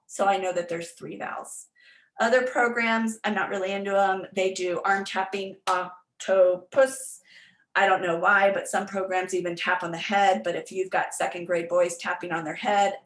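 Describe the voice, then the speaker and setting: Sounding out words as she goes, this woman leads a casual online reading-skills workshop, full of fillers and restarts. She has a lowish, fairly bright voice, captured in a reverberant, low-quality recording.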